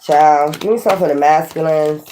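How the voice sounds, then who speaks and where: A woman giving a casual tarot reading to viewers, cursing freely, animated and laughing often. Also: low voice, normal speed, slight background noise. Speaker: tarot reader.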